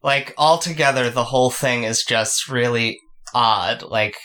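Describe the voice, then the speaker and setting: Bright-voiced man in casual chat. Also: medium pitch. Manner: agreeable, quick affirming interjections. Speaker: story discussion co-host.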